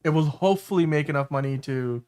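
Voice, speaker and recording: A man's voice: a little high, quick pace, a little mellow, smooth. A man hosting a live-stream show, reading viewer comments in an easygoing way. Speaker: host. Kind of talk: casual live-stream chat.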